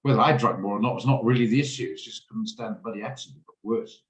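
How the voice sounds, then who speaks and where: A man's voice: on the low side, fast. Chatty blunt man in an echoey room. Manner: chatty, blunt, rambles off topic. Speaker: trading room host. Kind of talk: casual chat in an online trading session. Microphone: video call. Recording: roomy echo on a video call.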